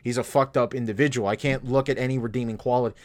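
Guy ranting fast on a podcast, blunt and sweary, gets heated. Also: medium pitch, steady tone. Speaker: podcast co-host. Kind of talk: casual podcast chat.

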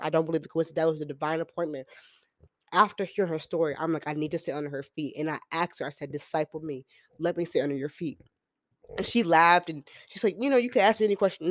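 A young man with a fairly high voice tells a story on a casual podcast, acting out each line of dialogue as he goes. He stresses his points by saying them over again. The sound is close and dry, with no room echo. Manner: emphatic, repeats key phrases for stress; acts out quoted dialogue in storytelling. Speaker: podcast host and missionary student.

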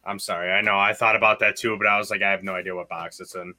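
A man's voice: low-pitched, level tone, fast talker, bright, forceful tone. A man co-hosting a podcast, joking crudely with friends, then saying sentimental goodbyes. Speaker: podcast co-host. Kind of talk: casual podcast banter.

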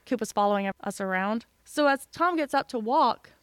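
A woman's voice: on the high side, normal speed, clear, resonant tone, no room sound. A young woman telling a funny story on a casual podcast, laughing through it. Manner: animated, laughs through her own story. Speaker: podcast co-host.

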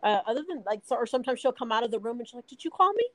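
A woman's voice: on the high side, fairly even intonation, rapid-fire, a little mellow, rough recording. A woman, a guest in a casual chat, tells a story hesitantly with fillers.

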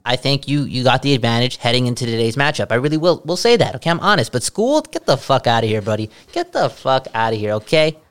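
Speaking quickly with few pauses, this young male podcast co-host has a smooth, mid-range voice. He's excitable, joking around and swearing a lot in casual conversation.

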